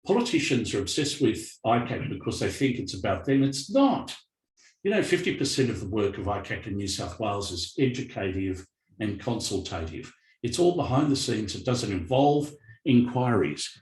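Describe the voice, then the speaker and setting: Blunt, animated Australian man. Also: lowish voice, moderate pace. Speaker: panel guest. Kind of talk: live panel discussion. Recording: echoey event room.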